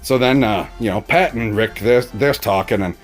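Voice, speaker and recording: A man's voice: fairly low pitch, moderate pace, soft background music. A man recapping a TV episode in a casual, profane, exasperated way. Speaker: TV reaction reviewer.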